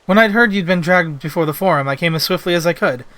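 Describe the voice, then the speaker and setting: A man voicing a gracious, doting upper-class mother from a video game, reading her refined lines aloud on stream in a bright, fairly high voice. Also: fast, no room sound. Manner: refined, formal old-fashioned phrasing.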